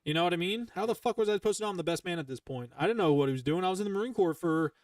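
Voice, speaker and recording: A man's voice: sits high, lively intonation, rapid-fire, dry recording, far from the mic. A man hosting a podcast, telling a heated, profane story in casual chat and rambling with restarts. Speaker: podcast host.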